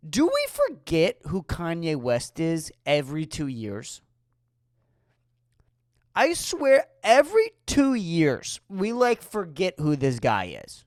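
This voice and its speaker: A woman rants on her solo podcast, firing off sarcastic rhetorical questions laced with swearing. Her low voice swings widely in pitch while her delivery stays unhurried. The sound is dry and close, with no room echo. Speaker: podcast host.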